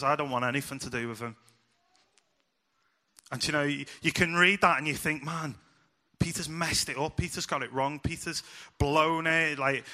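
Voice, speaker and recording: Young male youth minister, casual story-sermon, bright and fairly high voice. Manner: chatty, animated, acts out voices in quotes.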